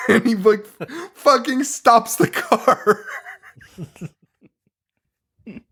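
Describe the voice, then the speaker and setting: A man's voice: sits high, big pitch swings, takes it slowly, pauses often, a bit bright, breathy edge. Laughing, swearing podcast guy recapping a film. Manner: profane, laughing, incredulous recapping. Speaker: podcast co-host. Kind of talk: casual movie review chat.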